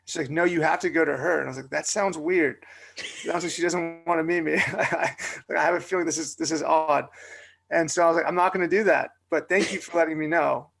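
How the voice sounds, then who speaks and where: A young adult man tells a long story while co-hosting a podcast, chatting casually and leaning on fillers. He talks a little fast, and his slightly high voice has vocal fry and a fairly bright tone.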